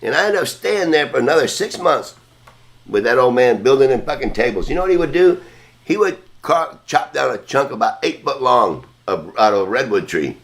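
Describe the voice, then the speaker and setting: A man hosting a podcast, telling a long story in a casual, rambling, profane way. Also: medium pitch. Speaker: podcast host.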